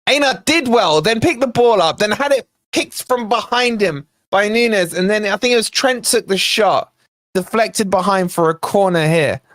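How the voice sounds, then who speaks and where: High-voiced excitable football fan commentator. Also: male voice, moderate pace, no echo, studio quality. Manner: excitable, bursts into shouts at chances then calms; chatty asides to viewers in the chat. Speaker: fan channel watch-along host. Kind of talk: live match watch-along commentary.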